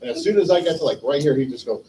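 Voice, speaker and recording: A man's voice: a little high, very fast, background noise. A man telling a heartfelt, rambling story about an old friend, acting out their past conversations. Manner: animated, rambling, heartfelt, acts out past dialogue. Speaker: memorial stream host. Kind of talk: personal storytelling, eulogy. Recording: distant mic with faint room ambience.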